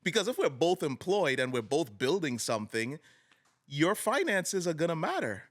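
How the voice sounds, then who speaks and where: A man co-hosting a podcast in casual chat, teasing the others and quick to laugh. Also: a little high, big pitch swings. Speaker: podcast co-host.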